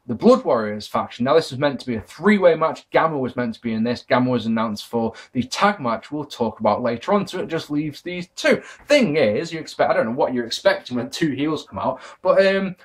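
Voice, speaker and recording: Brief: male reviewer, excitable and self-correcting, animated pitch. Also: fairly quick, few pauses, husky. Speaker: video reviewer. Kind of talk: casual wrestling DVD review.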